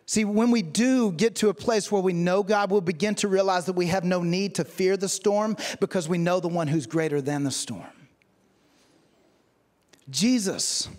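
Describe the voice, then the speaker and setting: This pastor's voice is high and a little mellow as he preaches. He weaves humorous stories into the sermon, performing the quotes of the people involved.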